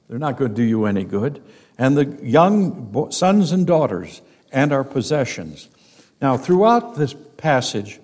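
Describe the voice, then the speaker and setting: Slow, emphatic male Bible teacher. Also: mid-range voice, darkish tone. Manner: emphatic, slow and deliberate, stressing key words. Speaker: pastor.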